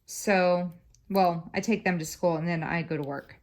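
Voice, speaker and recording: A woman's voice: lowish voice, steady tone, normal speed. A woman, chatting casually to a camera on a stand while she crafts, rambling and swearing freely. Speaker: craft vlogger.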